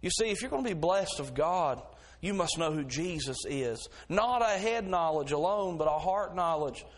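A man's voice: a little high, lively intonation, normal speed. A middle-aged man preaching a sermon as pastor, folksy in his stories and rising to fervent preaching.

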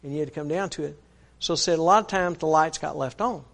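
A preacher works a personal story into his sermon, telling it in an earnest, folksy manner full of "he said" asides. His voice is a little high for a man and comes across gravelly. He often stops briefly to restart his sentences. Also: quick pace, fairly bright tone.

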